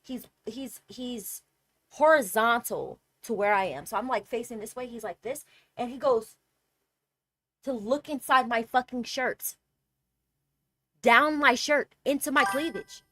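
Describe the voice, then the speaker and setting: A young woman streamer telling a casual story with animated, exasperated energy and lots of swearing. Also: fairly high pitch, measured pace, pauses often.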